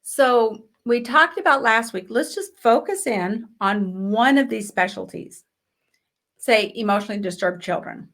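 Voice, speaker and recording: Woman teaching marketing on a live show, slightly high voice, chatty, asks stuff back. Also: lively intonation, measured pace, a bit bright. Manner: chatty, direct, restarts phrases and asks rhetorical questions. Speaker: business coach hosting a live show.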